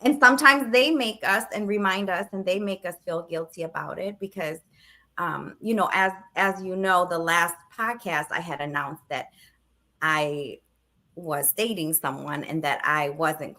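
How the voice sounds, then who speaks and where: A woman in her thirties co-hosts a podcast, her fairly low voice bright and forceful. She tells a personal story casually, acting out quoted dialogue and laughing now and then.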